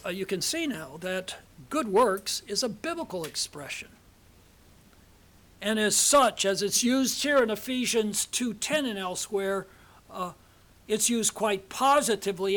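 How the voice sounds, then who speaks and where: Older man giving a measured theology lecture. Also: high-pitched, a bit bright. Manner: measured, deliberate, with frequent "uh" pauses. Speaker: seminary professor lecturing. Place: seminar hall.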